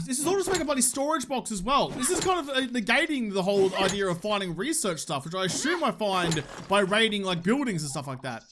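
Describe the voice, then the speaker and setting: A man's voice: high-pitched, background noise. A young Australian man casually commentating his own gameplay, joking, swearing and talking back to the game. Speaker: gaming YouTuber. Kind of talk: casual let's-play commentary.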